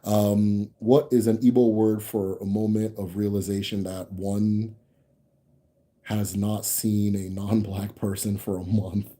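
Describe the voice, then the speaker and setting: Young american guy chatting on stream, real dark low voice, rambly, keeps restarting. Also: flat delivery, a little slow. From United States. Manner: rambling, frequent restarts and laughter. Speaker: channel host answering viewer comments. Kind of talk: casual livestream chat.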